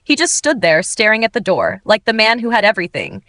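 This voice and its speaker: A woman's voice: mid-range voice, wildly swooping pitch, brisk, fairly bright tone, dry recording. Woman narrating an emotional romance audiobook. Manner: dramatic, emotional storytelling. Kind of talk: first-person scripted narration.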